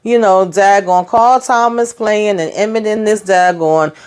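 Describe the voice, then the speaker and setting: A woman's voice: mid-range voice, a little slow, clear, resonant tone. A woman runs through a TV episode recap in a loose, conversational way. She talks in an easy, colloquial manner and laughs often as she tells it. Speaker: TV show reviewer.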